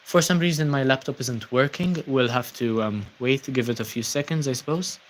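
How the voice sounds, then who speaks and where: A man's voice: medium pitch, normal speed, slight background noise. A young man from Malta hosting a casual livestream, reading out viewer comments with lots of ums and uhs. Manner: relaxed, many ums and uhs, thanking viewers. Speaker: livestream host.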